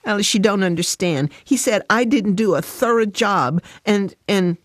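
A woman voicing an upset, defensive working mother who protests in a high, emotional voice. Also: expressive, normal speed, no echo, studio quality. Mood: frustrated, defensive.

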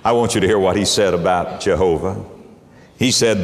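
A man preaching a sermon, dropping to hushed low tones and rising for emphasis. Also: moderate pace. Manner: lively, dramatic swings from soft low tones to high emphasis. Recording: echoey hall reverb.

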